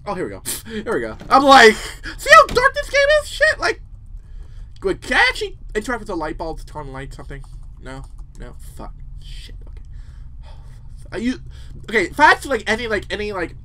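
A man commentating a horror game, excitable, swearing freely, with loud startled outbursts. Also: sits high, brisk, pauses often. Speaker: let's player. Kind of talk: gaming commentary.

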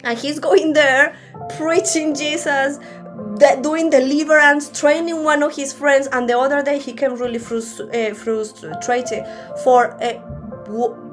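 A woman's voice: high voice, steady tone, a little slow, music in the background. A woman preaching a sermon at a church service in a conversational way, often restarting her sentences.

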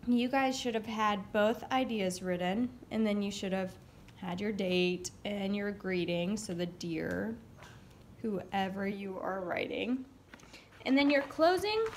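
A young woman teacher giving a recorded writing lesson, saying each word slowly aloud as she writes it down. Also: medium pitch, slight background noise. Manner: slow, dictating words aloud as she writes. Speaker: elementary school teacher.

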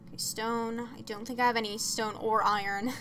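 A woman's voice: on the high side, flat delivery, moderate pace, fairly bright tone, soft background music. A young woman streaming a game, chatting casually, reading chat messages aloud and laughing often.

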